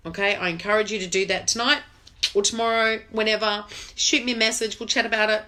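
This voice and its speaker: A woman's voice: mid-range voice, brisk, sharp tone. A middle-aged woman hosting a live video, talking in a chatty, heartfelt, exclamatory way. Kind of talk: casual live-stream chat.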